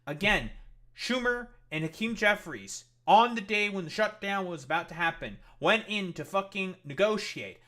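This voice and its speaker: Man, bright tone, a bit high, ranting, profane, blunt, political commentary stream. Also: lively intonation, normal speed.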